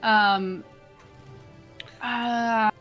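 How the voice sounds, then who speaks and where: Woman, tabletop player, slightly high voice, hesitant and apologetic, faint music behind. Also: fairly even intonation, extremely slow, a bit bright. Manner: hesitant, apologetic, full of ums. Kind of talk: casual tabletop game play.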